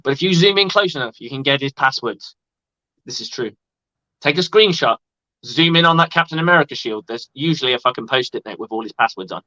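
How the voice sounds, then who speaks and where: A man's voice: medium pitch, expressive, fairly quick, pushed and bright, dry recording, dull audio. A man, a guest chatting casually, telling stories and swearing freely. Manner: laid-back, swears freely, storytelling. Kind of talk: casual chat. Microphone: video call.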